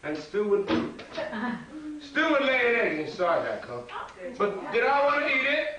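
Man, clown entertainer, high voice, playful kids' magic show patter, echoey room, heard from afar. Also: wildly swooping pitch, a little slow, a crowd in the background. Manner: playful, chatty, teasing audience questions. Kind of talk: storytelling magic show for children. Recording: echoey, distant, noisy venue.

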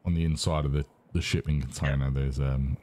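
A man with a blend of Birmingham and Irish in his accent, swearing and laughing through quick call-outs to a teammate. His voice sits extremely low. Faint noise hums behind him. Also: fairly even intonation, dark tone. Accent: mix of Birmingham and Irish. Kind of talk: casual gaming chat.

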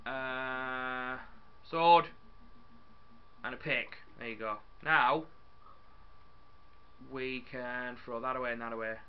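A young man chatting casually as he plays a building game, excitable and talking to his viewers and his in-game dog. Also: mid-range voice, slow pace, long pauses, smooth, lo-fi sound. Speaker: gaming YouTuber.

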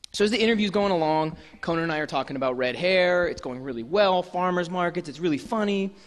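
Wry man telling comic stories in a hall. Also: a little high. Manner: wry, self-deprecating, loose and chatty. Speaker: author and guest speaker. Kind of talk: comic storytelling to a live audience. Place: festival venue hall. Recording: long hall reverb.

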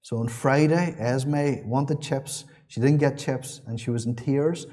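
A man's voice: mid-range voice, measured pace, warm tone. A man preaching a sermon in a church, earnest and repeating his key phrases, with small restarts.

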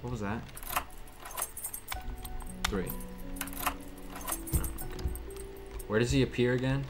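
A man's voice: medium pitch, slow pace. A man hosting his own gaming channel, giving casual let's-play commentary and joking back at the game's characters. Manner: jokey, talks back to game characters. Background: game music.

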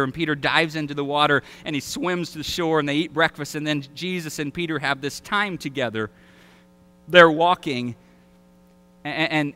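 Bright-voiced Southern preacher, animated. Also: male voice, on the high side, smooth. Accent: Southern American. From Alabama. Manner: animated, acts out quoted voices and shouts. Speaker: pastor. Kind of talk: sermon. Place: church sanctuary.

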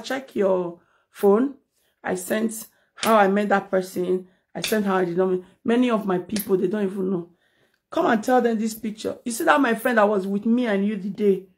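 A woman's voice: mid-range voice, a little mellow. A Nigerian-accented mother scolding critics in a heated, confrontational live video rant, mixing English and Pidgin, recorded on a phone. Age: adult mother. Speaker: social media personality.

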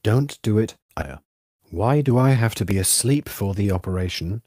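Proud, stubborn countess in an audiobook, low and dry, read by a man. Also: lively intonation, normal speed, warm tone, no echo. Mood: defiant. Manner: defiant, stubborn. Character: proud frail noblewoman facing surgery.

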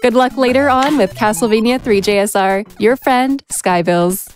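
A woman's voice: on the high side, moderate pace, soft background music. A woman hosting a charity event stage and reading out donations in an upbeat way. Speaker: host.

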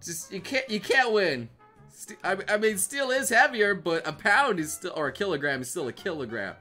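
A man from the United States giving excitable livestream reaction commentary, stammering through restarts and swearing crudely. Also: high voice, normal speed, soft background music. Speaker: streamer.

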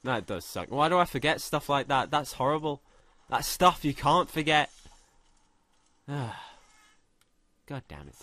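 Excitable young man gaming. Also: on the high side, slow, long pauses, no echo. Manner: excitable, swears a lot, shouts when thrilled. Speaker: gaming commentator. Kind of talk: let's play commentary.

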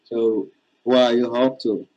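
A man's voice: mid-range voice, level tone, unhurried, mellow, dull audio. Hesitant man calling her baby. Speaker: caller. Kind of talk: casual phone call.

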